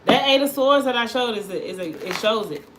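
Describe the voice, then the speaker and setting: A woman hosts a casual tarot livestream. Her voice sits a little high, and she tells stories in an animated way and repeats herself often. A faint noise hums under the recording. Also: brisk. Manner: animated storytelling, repeats phrases, talks to viewers. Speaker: tarot reader livestream host.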